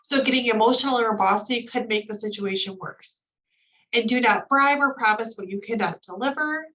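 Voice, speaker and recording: A woman's voice: on the high side, normal speed, a bit bright. A woman giving a recorded staff training lecture, reading points from slides and then explaining them in casual, filler-laden asides. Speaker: new-hire trainer. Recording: distant mic, dull lo-fi sound.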